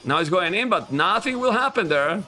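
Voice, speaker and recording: A man with a Spanish accent, a native Spanish speaker, casting a strategy game live, excitable and talking straight to viewers. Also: high voice, normal speed, soft background music. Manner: excitable, talks to viewers as guys, bursts into yelling at players. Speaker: esports caster.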